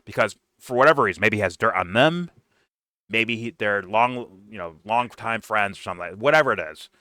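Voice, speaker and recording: A bright, forceful-sounding man talks fast and animatedly in a casual podcast chat. He swears freely and slips into mock voices to quote people. His voice sits close and dry on the mic, with no room around it. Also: on the low side, lively intonation, no echo. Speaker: podcast co-host.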